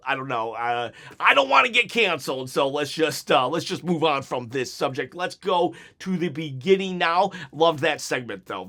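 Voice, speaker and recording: A man with a somewhat high-pitched voice talks through a wrestling show in a casual solo review. He rambles and restarts his sentences, chuckling at his own jokes. He slips into quick imitations of the wrestlers' lines. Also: a bit bright. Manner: recaps wrestlers' lines in quick mimicked quotes.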